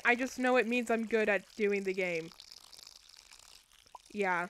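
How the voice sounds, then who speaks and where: A woman's voice: medium pitch, steady tone, unhurried, pauses often, fairly bright tone, rough recording. A young woman casually commentating on a cooking game she is streaming, talking playfully to her viewers as she plays.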